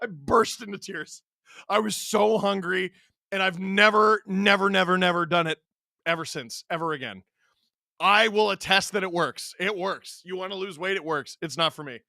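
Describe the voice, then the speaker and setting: Bright-voiced man chatting with viewers. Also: high voice, normal speed, vocal fry, no echo, studio quality. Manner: animated storyteller, reads chat aloud, laughs often. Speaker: streamer host reading chat. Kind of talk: casual stream chat.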